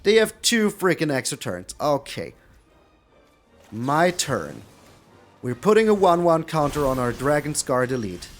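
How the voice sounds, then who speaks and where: A man narrating his own card game match as he plays, his voice sitting high and leaping all over the place. He repeats phrases, swears mildly and stays animated throughout. Faint music plays behind him. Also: measured pace. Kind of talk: live gameplay commentary.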